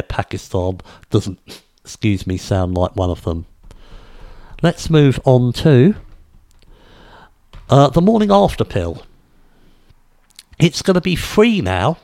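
A man's voice: mid-range voice, darkish tone. Rambling middle-aged man. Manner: rambling, hesitant with many fillers. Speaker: commentator. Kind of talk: casual news commentary.

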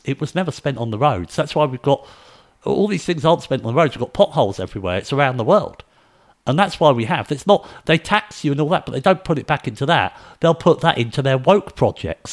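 English man, podcast host, opinionated chatter, very animated intonation. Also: medium pitch, brisk. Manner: ranting, opinionated, lively intonation. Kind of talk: casual podcast chat.

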